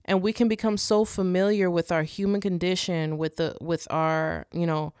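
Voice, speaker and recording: A woman's voice: fairly low pitch, fairly even intonation, normal speed, darkish tone, clear, resonant tone, dry recording, clean studio sound. A young woman hosting a faith podcast, talking earnestly and casually, with many restarts and rhetorical "right?"s. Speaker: podcast host.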